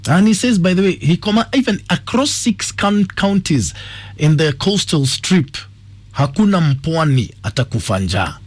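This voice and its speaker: A male radio host with a Kenyan accent runs a morning call-in show. His voice is fairly high and husky. He reads out listener messages in a steady broadcast manner. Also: a little slow, no echo. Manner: reads listener messages aloud, brief replies.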